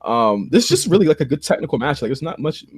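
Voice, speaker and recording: A laid-back young man co-hosts a casual podcast, walking through old wrestling matches. His pitch moves around a lot as he talks, and he drops in slang like "dude" and "bro." The recording is dry and close. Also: very animated, fast talker, breathy edge, no echo. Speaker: podcast co-host. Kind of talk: casual chat reviewing old wrestling shows.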